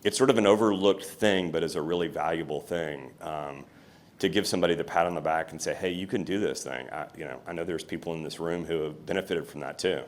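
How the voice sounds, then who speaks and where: A man's voice: deep voice, fast. A man telling candid, reflective stories as a guest at a fireside chat before an audience. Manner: candid, reflective storytelling with restarts. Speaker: company CEO, guest speaker. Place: room with an audience.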